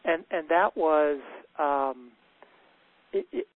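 A man's voice: on the high side, expressive, slow, dry recording. Earnest man, tinny phone-like sound. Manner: earnest, stammers and restarts often. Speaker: men's retreat leader sharing a story. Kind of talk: candid storytelling conversation.

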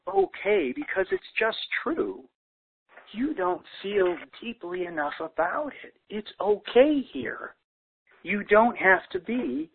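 An earnest man speaks unscripted over a tinny phone line, stammering and restarting as he searches for words. His voice is husky and rises and falls widely. He quotes people in lively voices. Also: high voice. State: choked up. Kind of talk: heartfelt unscripted conversation.

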